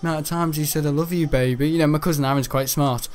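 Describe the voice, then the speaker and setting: Chatty guy with a higher voice. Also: steady tone, fast talker, darkish tone. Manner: rambling, laughs often, jokey banter. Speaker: gaming streamer. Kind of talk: casual livestream chat while gaming.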